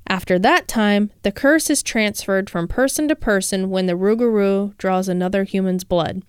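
A woman's voice: medium pitch, moderate pace, clear, resonant tone, no echo, studio quality. A woman co-hosting a casual chat, reading folklore aloud with playful jokes. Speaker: podcast co-host.

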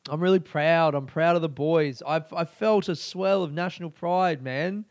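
Australian man, young adult, podcast host, sweary and excitable, smooth clear voice, dry close sound. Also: fairly high pitch, moderate pace, dry recording. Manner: excitable, sweary, laughs often. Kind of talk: casual podcast rant.

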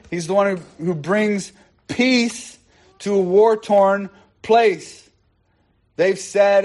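A man pastor preaching a sermon, repeating key phrases and slowing down to stress them. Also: sits high. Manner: emphatic repetition, slows down to stress key phrases.

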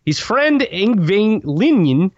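A man faking a deadpan Russian newsreader. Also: sits high, slow pace, dry recording, full character voice. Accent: put-on Russian. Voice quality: dropped articles, flat delivery. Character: deadpan male Russian news reader, gloomy. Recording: dull dry lo-fi audio.

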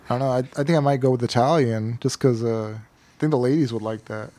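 A man's voice: medium pitch, brisk, mellow. A male podcast co-host in casual chat, reading medical notes aloud and stumbling over hard words before joking with friends.

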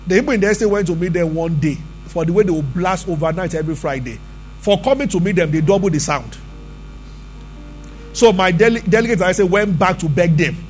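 A man's voice: high-pitched, slight background noise. A man preaching a sermon as pastor, emphatic and conversational, often asking the congregation questions.

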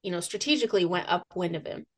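A woman guest on a podcast, telling a hunting story in a lively, casual way with laughs and acted-out quotes. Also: lowish voice, quick pace. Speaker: podcast guest, fitness coach and moose hunter.

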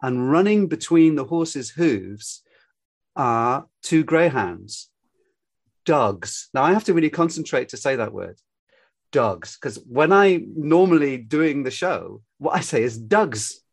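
A man's voice: a little high, lively intonation, measured pace, gravelly. An older man from Scotland with a light Glaswegian accent, a storyteller guest talking casually in an interview, reflective and drifting into anecdotes. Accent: light Glaswegian Scottish.

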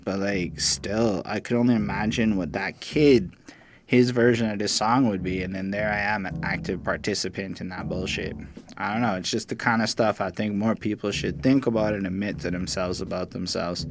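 A man's voice: lowish voice, fairly even intonation, moderate pace. A man in his thirties co-hosting a music review podcast, talking in a candid, profane and reflective way. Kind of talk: casual chat.

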